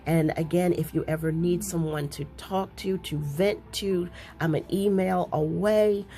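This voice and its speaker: Gushing low-voiced woman with a lilt. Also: unhurried. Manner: gushing, excitable, repeats herself. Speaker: crafting vlogger. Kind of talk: casual chat to viewers.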